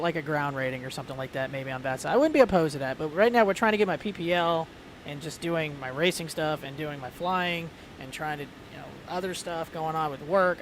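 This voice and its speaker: A man's voice: on the high side, background noise. A man streaming a flight sim, chatting casually with lots of fillers and rambling asides. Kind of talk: casual chat.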